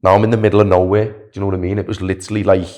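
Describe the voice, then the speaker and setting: Low-voiced man telling a story. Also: very fast. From Wales. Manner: animated, chatty, filler-heavy with "like" and "do you know what I mean". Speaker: podcast guest, long-distance walker. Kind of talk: casual storytelling.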